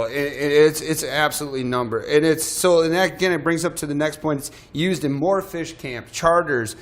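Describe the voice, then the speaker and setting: A man hosting a live shopping show, talking in a chatty, self-deprecating way and often stumbling over his words. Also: a little high. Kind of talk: live sales pitch.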